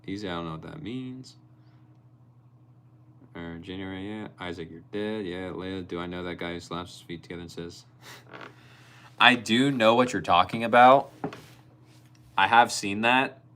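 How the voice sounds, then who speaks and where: A young man hosting a live stream, chatting casually and answering viewers' comments by name, sometimes telling animated stories. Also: sits low, unhurried, pauses often, a little hiss or hum. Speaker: livestreamer reading chat.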